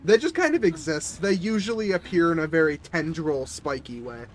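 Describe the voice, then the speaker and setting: A man's voice: a little high, lively intonation, normal speed, slight background noise. A man who is a little sick, chatting casually with viewers and players as he streams a game.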